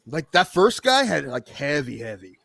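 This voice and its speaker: Man, co-host, amused banter, gravelly lively voice; dry. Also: on the high side, normal speed, no room sound. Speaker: podcast co-host. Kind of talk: casual chat.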